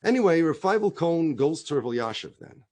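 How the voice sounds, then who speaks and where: Middle-aged New rabbi, animated storyteller, voice that swings up and down and a little high. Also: male voice, fast. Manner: animated storyteller, acts out quoted dialogue, frequent repetitions. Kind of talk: conversational talk, telling stories.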